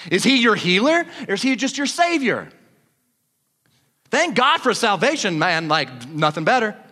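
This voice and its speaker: A man preaches a fervent sermon, his high voice climbing as he presses his listeners. His tone is bright and forceful, and it carries a long reverb from a big church hall. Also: sing-song, moderate pace. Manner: fervent preaching that builds to shouting. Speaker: pastor.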